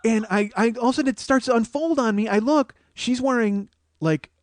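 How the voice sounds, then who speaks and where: A man hosting a podcast, telling a comic story full of swearing, growing louder and more animated as it goes. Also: very high voice, brisk. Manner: profane, animated, rising to shouting as the story builds. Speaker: podcast host.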